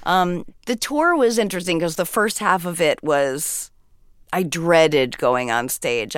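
A woman's voice: fairly low pitch, clean tone, no room sound, studio quality. A woman talking casually as a comedian guest in an interview, chatty and full of "like" and "you know". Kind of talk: casual conversation in a radio interview.

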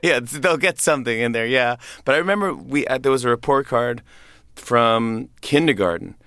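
A chatty man in his thirties talks through a relaxed interview, his voice at a middle pitch. The sound is dry and close, with no room echo. He laughs often and slips into playful voices as he tells stories. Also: normal speed. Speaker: comedian and guest. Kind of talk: interview conversation.

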